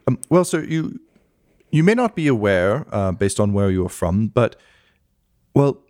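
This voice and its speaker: A man doing a fussy servant clerk in a tabletop game, stammering and bowing to his master, then puffing up with pompous scorn for the lower classes. The pitch swings lively through each line. The sound is dry and close. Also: measured pace, no room sound. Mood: deferential. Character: fussy, snobbish male clerk servant, adult. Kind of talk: tabletop role-play.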